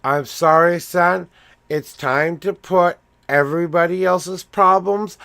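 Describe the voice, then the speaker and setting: Gravelly, chatty middle-aged man reading tarot. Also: slow pace, fairly bright tone. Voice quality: voice swings up and down in pitch. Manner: chatty, rambling, addresses viewers directly. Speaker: tarot reader. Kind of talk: casual livestream tarot reading.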